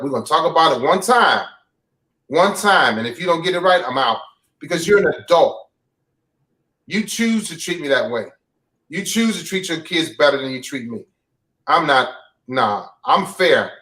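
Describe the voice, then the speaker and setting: A man with a somewhat high voice talking openly about himself as an interview guest. He speaks bluntly and reflectively, restarting and repeating phrases, and his voice sounds a bit distant from the microphone. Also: fairly bright tone. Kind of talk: candid confessional talk.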